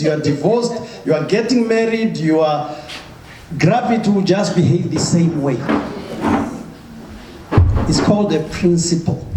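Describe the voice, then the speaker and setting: A man giving a motivational talk to a live audience, emphatic and often asking the crowd questions. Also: sits high. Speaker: motivational speaker. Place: large hall with an audience. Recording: echoey hall with noise.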